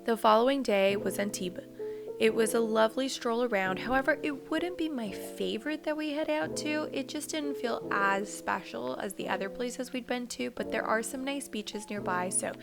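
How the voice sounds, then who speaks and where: Young female travel vlogger, casual and rambling, with a slightly high, gravelly voice over loud music. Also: moderate pace. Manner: chatty, rambling, with fillers and restarts. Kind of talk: casual vlog talk to camera; voice-over narration.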